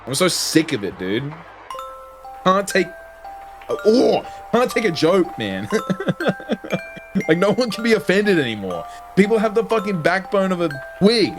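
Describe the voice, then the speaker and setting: A young man livestreaming, ranting casually to his chat in an animated, heavily profane, slangy way. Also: high-pitched, normal speed. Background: music.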